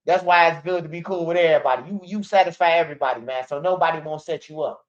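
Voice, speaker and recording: High-voiced man, blunt street talk. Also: fast talker, muffled recording. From Chicago. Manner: blunt, profane street storytelling. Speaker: street news host. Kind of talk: casual commentary.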